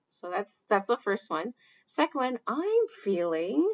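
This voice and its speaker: A woman teaching sign language in a casual, relaxed way, with lots of fillers. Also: medium pitch, highs cut off. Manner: slow, relaxed, with many fillers and acted example phrases. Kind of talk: casual instructional talk.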